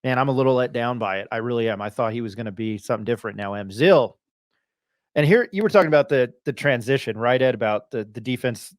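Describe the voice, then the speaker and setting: A man's voice: medium pitch, quick pace, dry recording, clean studio sound. A man hosting a casual sports podcast, chatty and self-deprecating, with rambling asides. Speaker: podcast host.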